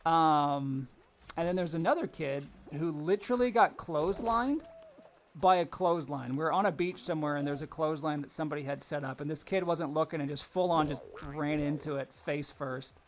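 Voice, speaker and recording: A man's voice: fairly high pitch, moderate pace. A young man streaming a game live, chatting casually with viewers, telling stories and laughing often. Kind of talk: casual live-stream chat while gaming.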